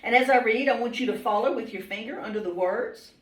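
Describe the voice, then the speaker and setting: A woman's voice: a little high, a little fast. Woman teaching class, far off. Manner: patient, questioning students by name, frequent ums. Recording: roomy classroom, mic far off.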